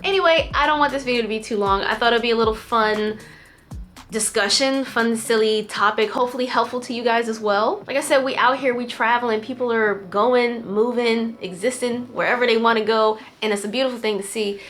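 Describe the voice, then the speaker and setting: Young woman, chatty vlogger, slightly high voice, faint music underneath. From United States. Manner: chatty, animated, playful asides. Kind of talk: casual chat to camera.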